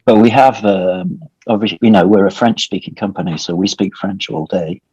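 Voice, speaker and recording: Guest, male, deep and husky, wry dry delivery, dull lo-fi call audio. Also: moderate pace, a little mellow, no echo. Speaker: guest, tea company co-owner. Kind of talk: casual interview chat.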